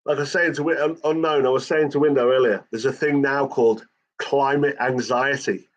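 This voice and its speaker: A man's voice: mid-range voice, steady tone, fairly quick. A man ranting in a casual chat, swearing constantly as he talks. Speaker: channel host. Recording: dull lo-fi recording.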